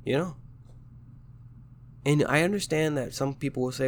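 A man's voice: mid-range voice, a little slow, vocal fry, long pauses, slight background noise. A man with a stuffy, congested nose hosts a podcast and talks casually and loosely about writing, with plenty of slang. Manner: laid-back, slangy, fond of "like" and "man". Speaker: podcast host and novelist.

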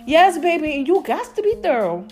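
A woman's voice: high-pitched, a little fast, faint music behind. A woman hosting her own podcast in a casual, playful chat, talking straight to her listeners. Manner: lively, playful, calls listeners "baby" and "y'all". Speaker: podcast host.

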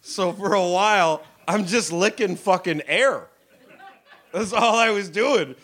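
A man's voice: high-pitched, a little slow, a bit bright. A young man doing a crude, self-mocking stand-up set on a club stage. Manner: crude, self-mocking storytelling with acted-out voices. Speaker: stand-up comedian. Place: comedy club stage with live audience.

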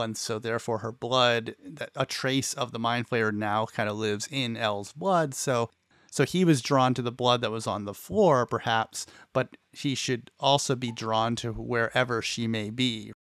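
A man's voice: mid-range voice, normal speed, a bit bright, smooth, no echo, clean studio sound. A man co-hosting a podcast, talking in an easygoing way about a TV episode. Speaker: podcast co-host. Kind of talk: casual TV recap chat.

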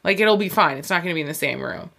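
A woman's voice: fairly low pitch, racing, vocal fry. A young woman telling a personal story in casual chat, acting out the voices of her family and filling her speech with "like". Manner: animated, acts out quoted voices, lots of "like".

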